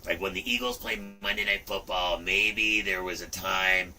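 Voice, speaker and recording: A middle-aged man rambles through a casual livestream, swearing freely and breaking into sudden loud outbursts. His voice sits a little low but has a very bright, hard edge. The mic picks him up from a distance. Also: steady tone, moderate pace, faint music behind. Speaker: livestream host.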